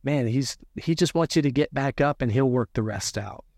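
A man telling his own story in an interview, animated and acting out the dialogue he quotes. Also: mid-range voice, normal speed, gravelly, no echo, studio quality. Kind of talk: conversational storytelling.

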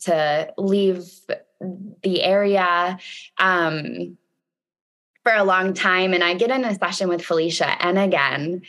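A woman's voice: on the low side, slow, a bit bright. A woman coach telling a personal story in a candid, reflective way, with frequent fillers.

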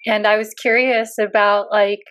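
A woman's voice: mid-range voice, level tone, moderate pace, a bit bright. A woman co-hosting a podcast who asks her guest questions in a thoughtful, searching way. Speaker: podcast co-host. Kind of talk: interview questions.

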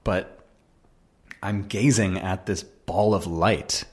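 A man with a low, deep voice tells his own story as a podcast host. He talks in an earnest, animated way and circles back over the same phrases as he builds each point. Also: takes it slowly, long pauses. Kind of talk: personal storytelling monologue.

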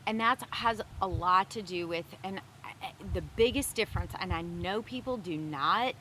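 A woman's voice: fairly low pitch, moderate pace, sharp tone, slight background noise. A woman co-hosting a casual chat about marriage, speaking earnestly with emphasis. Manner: earnest, emphatic, many affirming sounds. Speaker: co-host of a marriage advice show.

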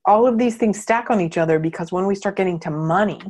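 A woman's voice: medium pitch, fast talker, a little mellow. Chatty woman coaching listeners. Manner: chatty, lots of fillers, acts out quoted thoughts. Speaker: podcast host and coach. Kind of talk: casual motivational talk.

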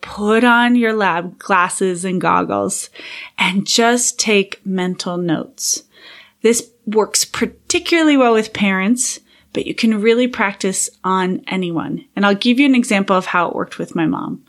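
A woman's voice: medium pitch, measured pace. A woman hosting a podcast for teachers, talking in a friendly, encouraging way with occasional whispered asides. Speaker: podcast host and coach for teachers. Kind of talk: casual solo podcast monologue.

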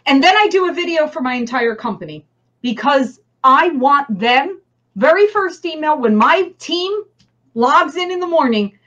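A woman's voice: high voice, fairly bright tone, highs cut off. A woman with a New Jersey accent, a guest talking energetically and emphatically, laughing often. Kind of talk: casual chat on a webinar.

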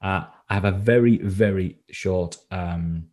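A podcast guest from England who works as a confidence coach talks in a low, darkish voice, a little slowly. He sounds hesitant and casual, frequently umming and restarting his sentences.

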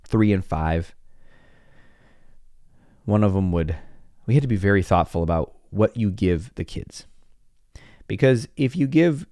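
In a dry, clean studio recording, a middle-aged psychologist with a low-sitting voice delivers a podcast monologue. He tells his stories with animation, acting out scenes and laughing often.

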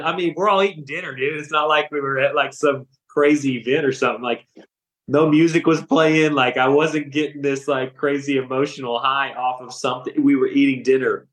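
A man in his thirties, a podcast guest, giving a personal faith testimony in animated, emotional storytelling full of casual slang. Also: mid-range voice, brisk. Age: 30s. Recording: roomy echo.

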